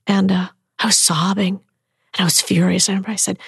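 A woman's voice: mid-range voice, a little fast, gravelly, breathy edge, dry recording, clean studio sound. A woman from the American South telling personal stories in conversation, acting out voices and dropping to whispers. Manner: expressive, acts out quoted voices, drops to whispers. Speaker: storyteller.

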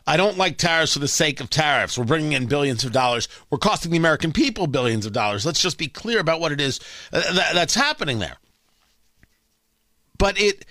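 A brash man holds forth on his talk radio show, his high voice swinging widely as he fires off sarcastic rhetorical questions. His tone is bright and sharp, close and dry on a studio microphone, with no room around it. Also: no echo. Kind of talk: opinionated talk radio monologue.

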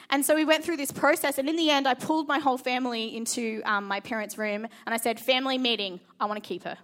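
A woman's voice: sits high, fairly even intonation, fairly quick, a bit bright. An Australian woman in her thirties preaching a sermon, reading scripture and telling a personal story in an earnest, emphatic way.

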